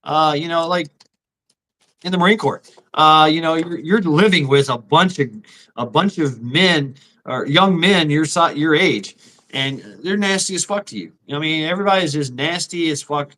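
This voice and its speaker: A man's voice: on the high side, normal speed, bright, forceful tone. A middle-aged man hosting a casual livestream, crude and profane, laughing often and sounding tired and out of breath. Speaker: livestream host.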